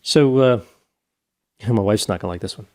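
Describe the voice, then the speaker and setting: A man's voice: lowish voice, moderate pace, warm tone. A middle-aged man co-hosting a podcast, telling a rambling story in casual chat and correcting himself as he goes. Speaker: podcast co-host.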